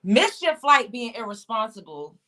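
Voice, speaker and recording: A woman's voice: a little high, sing-song, normal speed, pushed and bright. A woman co-hosting a casual gossip show, blunt and mocking, often breaking into laughter as she roasts people. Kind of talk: casual chat.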